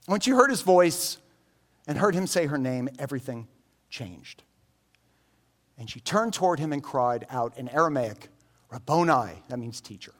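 A man preaching a sermon in an animated, joking storytelling manner. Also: medium pitch, normal speed, pauses often. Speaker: pastor.

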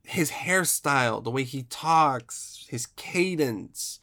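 A man in a casual conversation about movies. He rambles, circles back on his words and swears offhand. His pitch sits at a middling, ordinary level. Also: animated, slow pace, bright, forceful tone. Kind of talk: casual film discussion.

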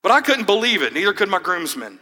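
A man's voice: sits high, very animated, fast talker, pushed and bright, big-room sound. A young man preaching a sermon, telling a personal story in a casual, friendly way. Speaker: pastor.

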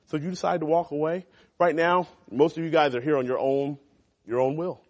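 Lively man preaching to a youth group. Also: a little high, a little fast. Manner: animated and conversational, swinging between loud emphasis and quiet asides. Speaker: youth pastor. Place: church youth group classroom.

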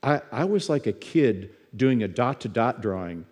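A man's voice: mid-range voice, sing-song, normal speed, darkish tone. Middle-aged male church teacher, mid-range voice, chatty stories, trips over his own words. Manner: storytelling, frequent stammered restarts and repeated words. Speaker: guest teacher in a church service. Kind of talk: conversational sermon teaching.

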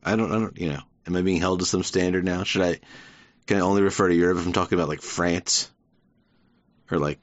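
A man's voice: sits low, fairly even intonation, fast, no room sound, highs cut off. A man hosting a podcast, talking in a rambling, wry monologue and laughing often. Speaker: podcast host. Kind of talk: casual monologue.

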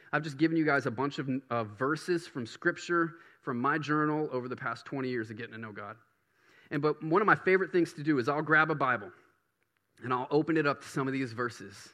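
A man's voice: fairly high pitch, pushed and bright. A middle-aged man preaching a sermon on prayer, chatty at first and building to emphatic preaching. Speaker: pastor.

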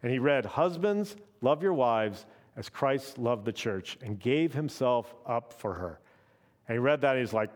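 A man's voice: medium pitch, expressive, measured pace. A man preaching a sermon as pastor, in a conversational way that keeps checking in with "right?". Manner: conversational, often adds "right?".

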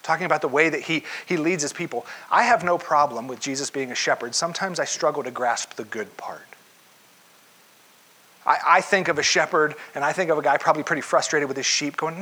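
A pastor with a fairly high voice speaks a little fast in a conversational sermon. He acts out quoted voices and drops to a hush for the gentler lines.

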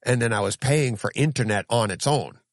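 A man hosting a podcast in casual chat, an animated storyteller who gets lively in his anecdotes. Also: mid-range voice, brisk, no room sound. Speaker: podcast host.

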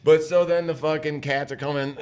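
A man's voice: a little high, little pitch movement, fairly quick, darkish tone, smooth. A man hosting a podcast, retelling a cartoon plot in a rambling, profane way. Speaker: podcast host. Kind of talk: casual chat.

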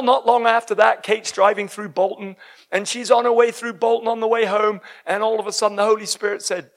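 A man preaching a sermon, emphatic and breaking into shouts at the high points. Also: normal speed.

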